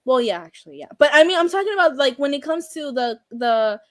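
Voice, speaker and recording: High-voiced babbling woman. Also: big pitch swings, fast talker, no room sound. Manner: babbling, swears freely. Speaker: streamer host. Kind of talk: casual chat.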